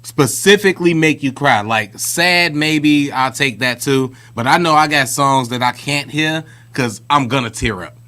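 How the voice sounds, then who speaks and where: A man's voice: medium pitch, unhurried, few pauses, sharp tone. A man co-hosting a podcast, telling stories in a chatty, slangy, casual way. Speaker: podcast co-host. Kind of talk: casual chat.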